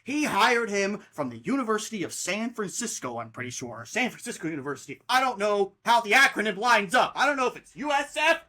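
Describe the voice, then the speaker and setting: A man's voice: high voice, very animated, brisk, hardly any pauses, sharp tone. A man hosting a solo sports podcast outdoors by the water, ranting in a heated, profane, exasperated way. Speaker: podcast host.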